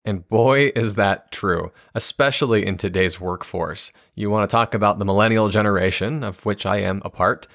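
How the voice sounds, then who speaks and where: A man's voice: lowish voice, normal speed, gravelly, few pauses, fairly bright tone, dry recording, studio quality. A man in his thirties hosting a solo podcast episode, explaining ideas earnestly and acting out example replies with bursts of enthusiasm. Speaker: podcast host and speaker on communication.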